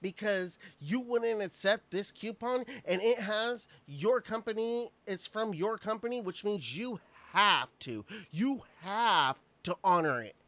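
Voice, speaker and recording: A woman's voice: mid-range voice, expressive, unhurried, few pauses. A man acting out an irate, demanding woman customer who swears and threatens to sue. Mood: indignant. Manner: profane, shouting threats.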